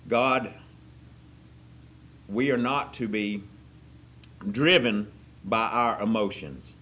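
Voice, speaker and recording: A man preaching a sermon as pastor, folksy and joking, swinging from quiet asides to loud excited bursts. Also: fairly low pitch, slight background noise. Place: church service.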